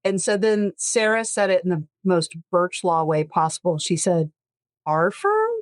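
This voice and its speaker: A woman's voice: lowish voice, normal speed, dry recording, clean studio sound. Chatty woman host, rambling and jokey. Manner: rambling, self-correcting, jokey. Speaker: podcast host, estate lawyer. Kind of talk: casual podcast chat.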